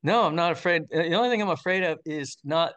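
A man's voice: a little high, fast, highs cut off. Older man telling a rambling story. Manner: animated, rambling storyteller with frequent fillers and restarts. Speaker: interview guest. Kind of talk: casual storytelling.

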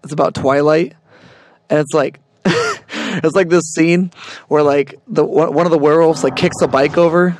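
A young man chatting casually while gaming with a friend, his voice sitting slightly high. He jokes constantly, laughs at his own lines and slips into mock deadpan reading. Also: normal speed, no room sound. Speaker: gaming channel co-host. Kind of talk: casual gameplay banter.

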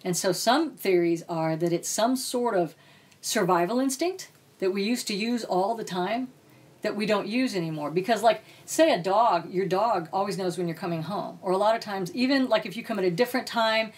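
A woman's voice: mid-range voice, moderate pace, husky. A woman author, a podcast guest, telling a personal story in a blunt, casual way and swearing freely. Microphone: podcast mic.

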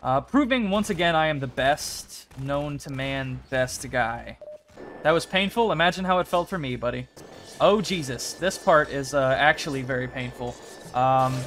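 A man's voice: medium pitch, a bit bright, a little hiss or hum. A young man giving casual gameplay commentary, talking to himself and to the characters on screen, begging, cursing and celebrating. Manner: talks to himself and game characters, pleading and swearing. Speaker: gaming YouTuber.

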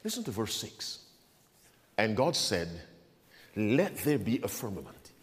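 A male pastor preaching a sermon, asking the congregation to answer back and swinging between quiet asides and loud proclamation. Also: lowish voice, very animated, measured pace, big-room sound.

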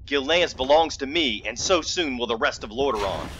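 A man's voice: mid-range voice, lively intonation, moderate pace, a bit bright, highs cut off, slight background noise, lightly acted. An actor voicing a treacherous, scheming nobleman in a video game, with a sneering, oily delivery. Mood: contemptuous.

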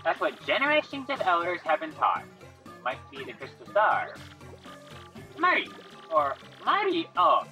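A woman's voice: lowish voice, wildly swooping pitch, a little slow, long pauses, soft background music, exaggerated voice. A woman voicing a cranky old female creature elder who scolds and barks orders. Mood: musing. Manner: bossy, scolding, shouting orders.

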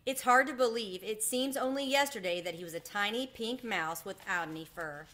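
A woman's voice: mid-range voice, moderate pace, a bit bright, voice pushed up, lightly acted. A woman reading the part of a nervous, worrying mother mouse in a storybook. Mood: tender. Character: worried, fussing mother mouse.

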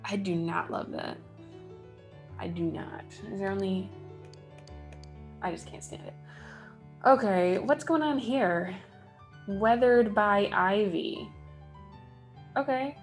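A woman's voice: medium pitch, animated, takes it slowly, pauses often, soft background music. A woman, likely in her thirties, giving casual let's play commentary, talking to herself with wry asides as she builds. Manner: chatty, wry self-talk while building. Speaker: gaming channel host.

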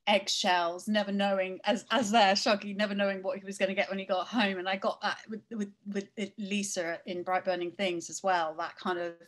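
A woman's voice: mid-range voice, little pitch movement, fairly quick, hardly any pauses. A woman hosting a conversation with authors, speaking hesitantly with many restarts. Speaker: event host interviewing authors. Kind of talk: casual discussion.

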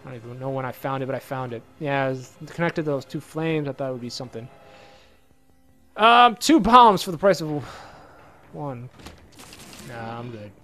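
A man casually commenting on his own gameplay, excitable and swearing a lot, with a slightly hoarse voice. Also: mid-range voice, moderate pace, long pauses, soft background music. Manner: excitable, swears a lot, sudden loud outbursts. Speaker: let's play gamer.

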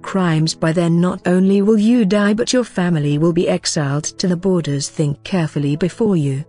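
A narrator reading the lines of a calm, stern young prince regent in a storybook recap. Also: medium pitch, moderate pace, soft background music, close to an everyday voice.

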